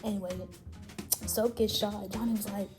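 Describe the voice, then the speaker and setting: A woman hosting a casual chat, excitedly recapping a video game story with frequent laughter and swearing. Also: mid-range voice, normal speed, over music. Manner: animated, laughs often, profane. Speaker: host.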